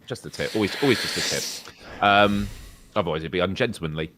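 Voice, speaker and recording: A British man from the United Kingdom co-hosts a gaming podcast, chatting casually, joking, and laughing a lot. His low voice has a fairly bright tone, and he talks a little fast.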